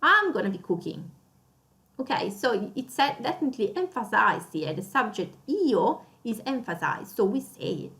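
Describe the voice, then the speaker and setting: A woman's voice: a little high, sing-song, moderate pace, fairly bright tone. Woman, Italian accent, native Italian, beginner grammar lesson, emphatic repeated examples, fillers. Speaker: Italian language teacher.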